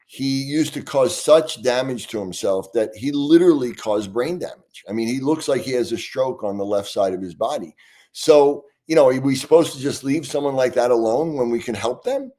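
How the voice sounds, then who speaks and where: Appearing as a guest expert, a man with a mid-range voice and a dark tone gives passionate, earnest interview answers in a conversational way. He often starts his sentences over.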